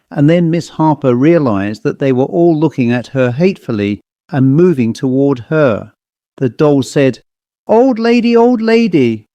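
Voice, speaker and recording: A man narrating a horror story in a measured, dramatic manner. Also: medium pitch, dark tone, no room sound, lo-fi sound.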